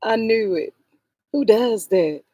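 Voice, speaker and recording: A woman talks straight at the people she is criticizing, scolding and exasperated, and sighs to the Lord between points. Her voice sits at an ordinary middle pitch. The sound is dry and close, with no room echo. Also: expressive, slow pace, mellow. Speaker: vlogger commenting on a reality show. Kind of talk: heated livestream commentary.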